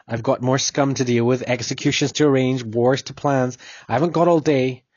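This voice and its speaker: A stern army officer with a husky, dry voice, as a man reads him out. He talks in clipped, commanding orders from a storybook, on a slightly dull recording. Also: medium pitch, steady tone, normal speed, a little mellow, no room sound, natural voice. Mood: cold. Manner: curt and commanding. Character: stern, cold male army officer judge.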